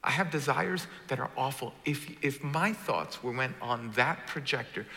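A man preaching a sermon, jumping from booming, joking lines to hushed, quiet ones as he works the crowd. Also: unhurried, gravelly. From Brooklyn. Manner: animated, swings from booming to hushed, jokes with the crowd. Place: church auditorium. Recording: large reverberant hall.

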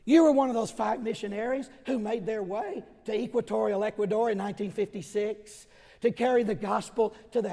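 Male preacher, high voice, dramatic storyteller, long hall echo. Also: mellow. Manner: dramatic storytelling, voicing historical figures. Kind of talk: sermon.

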